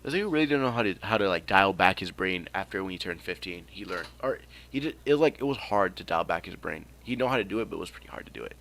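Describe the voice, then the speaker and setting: A man's voice: low voice, animated, quick pace, vocal fry, a bit bright. A young man telling an improvised fan story in a rambling, casual way, swearing freely and joking along. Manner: rambling, swears freely, laughs at own jokes.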